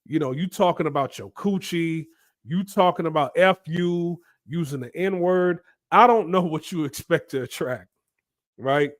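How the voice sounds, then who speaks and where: A man holds forth on his commentary channel in an emphatic, lecturing way, pausing to ask his listeners "right?". His voice sits a little high for a man. The sound is dry and close. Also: no room sound. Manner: emphatic and preachy, keeps asking "right?". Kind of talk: opinion commentary monologue.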